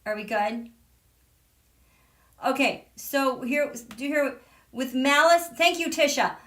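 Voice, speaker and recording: Bright-voiced woman hosting a slow live stream. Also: sits high. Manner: chatty, reads viewer comments aloud, recites quotes slowly. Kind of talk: casual live-stream talk with viewers.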